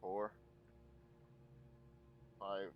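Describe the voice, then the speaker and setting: A man's voice: deep voice, completely flat delivery, very slow, dull audio, a little hiss or hum. A man playing a tabletop game, chatting casually and joking, swearing freely. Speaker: player.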